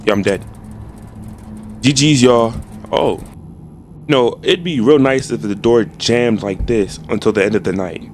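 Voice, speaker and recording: A man's voice: mid-range voice, measured pace, pauses often, a little hiss or hum. A young man doing casual, trash-talking commentary while playing a game. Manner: animated, trash-talking, slangy. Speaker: gaming streamer.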